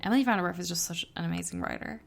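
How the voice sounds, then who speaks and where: A woman co-hosting a podcast, talking candidly and swearing casually in a relaxed book club chat. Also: lowish voice, rapid-fire, vocal fry. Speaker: podcast co-host. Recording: traffic noise from an open window.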